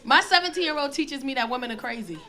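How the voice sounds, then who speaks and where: Woman in her 40s doing a stand-up set, high voice, loud punchy delivery, crowd laughing in the club. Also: fast, background noise. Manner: loud, animated storytelling with shouted punchlines. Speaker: stand-up comedian. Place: comedy club stage. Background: audience laughing.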